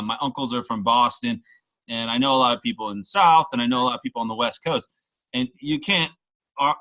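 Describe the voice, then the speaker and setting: A man's voice: mid-range voice, pushed and bright, rough recording. A man from the Washington, D.C. area hosting a loose, tipsy conversation, rambling with self-mocking asides. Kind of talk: casual tipsy chat.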